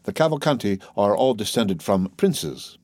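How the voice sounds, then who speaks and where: A man voicing a composed, worldly nobleman who speaks in a measured, assured, faintly ironic way. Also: fairly low pitch, sing-song, darkish tone, dry recording. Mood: urbane.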